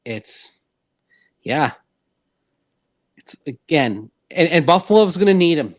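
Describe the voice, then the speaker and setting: A man co-hosting a sports talk radio show, talking in an animated, rambling way with frequent restarts. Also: a little high, slow, no echo.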